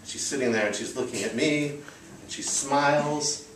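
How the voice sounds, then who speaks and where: A man from the United States, in his thirties, tells his own story to a live audience, rambling chattily with many fillers in a mid-range, fairly bright voice at normal speed. Recorded from afar in a roomy storytelling venue, the audio carries a little hiss or hum.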